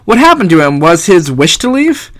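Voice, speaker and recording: A man voicing an earnest young male philosopher hero in a game, lively and incredulous. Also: high-pitched, normal speed.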